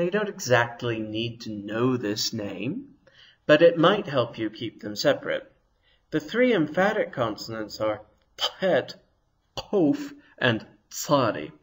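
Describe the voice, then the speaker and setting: A male teacher talks through a language lesson at a slow, unhurried pace. His pitch rises and falls a lot as he explains, and he stops to sound out consonants so listeners can copy them. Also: fairly bright tone, low-quality recording. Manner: patient, explains slowly and demonstrates sounds aloud. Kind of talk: recorded video lesson.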